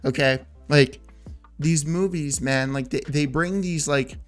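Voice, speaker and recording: A man's voice: a little high, a little slow, soft background music. Rambling man in his thirties. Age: 30s. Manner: rambling, filler-heavy, self-interrupting. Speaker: gaming YouTuber. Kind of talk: casual vlog commentary.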